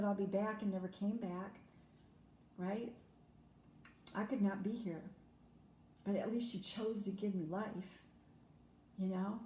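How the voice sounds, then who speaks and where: A woman's voice: medium pitch, warm tone. A woman speaking earnestly to camera about her own life, heartfelt, with many "you know"s. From Germany. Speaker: vlogger. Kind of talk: personal reflective talk to camera. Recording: echoey room with faint noise.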